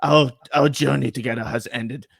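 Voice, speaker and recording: A man putting on a mock Italian football coach accent while reading a farewell statement, halting as he slips out of the accent. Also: medium pitch, steady tone, creaky, breathy edge, no room sound, studio quality. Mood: mock solemn.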